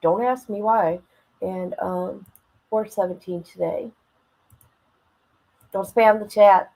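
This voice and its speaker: Gravelly, emotional woman livestreaming. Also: mid-range voice, fairly even intonation, slow pace, mellow, low-quality recording. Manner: rambling, emotional, talks to chat. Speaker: livestream host. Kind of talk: casual livestream chat. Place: at home. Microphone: phone.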